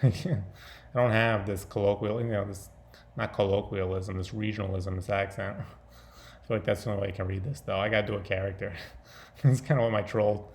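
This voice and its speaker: A man's voice: on the low side, steady tone, a little fast. A man talking off the cuff in a casual vlog, rambling, breaking off mid-thought and laughing often.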